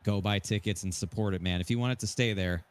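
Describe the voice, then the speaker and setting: A man who won a sim race, upbeat and rattling off shout-outs in a casual post-race interview on a headset mic. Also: fairly low pitch, fast talker. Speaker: winning sim racing driver.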